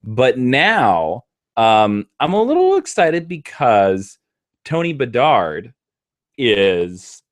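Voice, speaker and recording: A man's voice: medium pitch, extremely slow. A man hosting a casual live stream chat, talking with enthusiasm. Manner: enthusiastic, animated.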